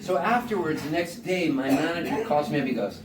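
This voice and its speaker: A man's voice: fairly high pitch, animated, fairly quick, few pauses. Laid-back man telling a rambling comic story. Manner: laid-back, laughing, quotes people in voices. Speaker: singer-songwriter telling a story on stage. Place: small showcase room, live audience. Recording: roomy live room, mic at a distance, background noise.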